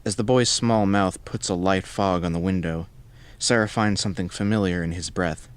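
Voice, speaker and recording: A man narrating a horror story in a measured, scripted storytelling voice. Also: sits low, clean tone.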